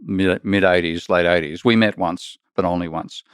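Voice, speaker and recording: A man with an Australian accent, a guest economist chatting casually, blunt and joking, telling lively stories. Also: low voice, normal speed, smooth, no room sound, clean studio sound. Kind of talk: casual conversation.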